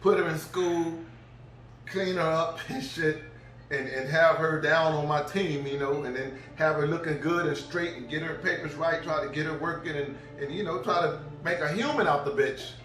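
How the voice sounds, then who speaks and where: High, bright-voiced New man ranting. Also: moderate pace. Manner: crude, rambling, laughs through his own story. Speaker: vlogger. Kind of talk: profane storytelling rant. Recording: roomy, distant mic.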